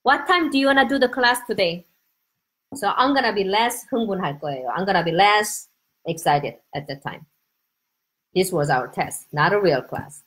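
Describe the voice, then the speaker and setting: A middle-aged woman from Korea with a Korean accent, hosting a casual live stream from home, chatty and excitable and greeting viewers by name. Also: medium pitch, fairly quick, poor audio.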